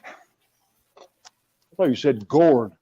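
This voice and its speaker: Relaxed male sports radio host. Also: mid-range voice, takes it slowly, breathy edge, lo-fi sound. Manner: loose, rambling, many filler sounds. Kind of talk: casual sports radio chat.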